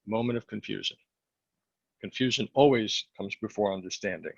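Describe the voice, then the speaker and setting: A man coaching salespeople in a training session, hoarse and losing his voice, often checking the group follows him. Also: fairly low pitch, normal speed, dry recording, dull audio. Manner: coaching, asks the group questions. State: losing his voice, clearing throat.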